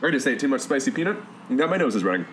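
A man hosting a casual podcast, bantering quickly and laughing often. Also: medium pitch, big pitch swings, faint music behind. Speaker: podcast host.

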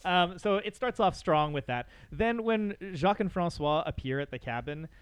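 A man with a slightly high voice walks through his favourite moments of an episode in easy podcast chat. He is eager and often laughs between points. The sound is dry and close, with no room around it. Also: lively intonation, moderate pace, clear, resonant tone, dry recording. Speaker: podcast co-host. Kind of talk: casual chat recapping an episode.

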